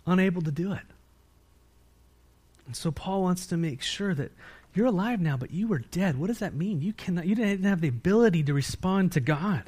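Emphatic American pastor preaching. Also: male voice, lively intonation, moderate pace. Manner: asks the congregation questions and answers them himself; swings between loud emphatic peaks and quiet low-voiced stretches. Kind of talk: sermon.

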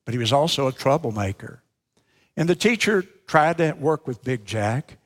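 A man's voice: mid-range voice, animated, normal speed. A man preaching a sermon, telling a story and then speaking earnestly and directly to his listeners.

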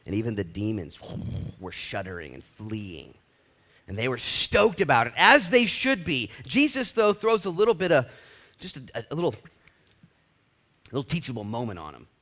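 A male pastor giving a casual, animated sermon with prayer, swinging between loud excitement and hushed emphasis and using laid-back slang. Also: medium pitch, moderate pace, long pauses.

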